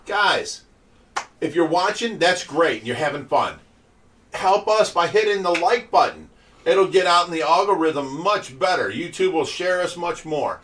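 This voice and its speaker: A man with a fairly high voice chats on a livestream and spins stories about his week. He laughs often and talks loosely. He sits a little back from the mic. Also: animated, a little slow, fairly bright tone, slight background noise. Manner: chatty storyteller who laughs often. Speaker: livestream host of a fish rescue. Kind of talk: casual livestream chat. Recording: voice distant from the mic.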